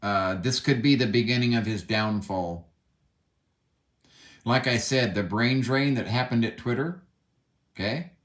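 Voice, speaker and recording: A man's voice: mid-range voice, measured pace, pauses often, fairly bright tone. A man ranting in a solo commentary, angry and emphatic, swearing often. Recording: echoey room.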